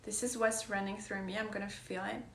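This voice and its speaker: A woman's voice: mid-range voice, little pitch movement, fairly quick, vocal fry, fairly bright tone. Woman coach talking from the heart, earnest, dips into whispers, bit of room echo. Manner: earnest, emphatic, drops to whispers. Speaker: wellness coach. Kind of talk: casual heartfelt monologue.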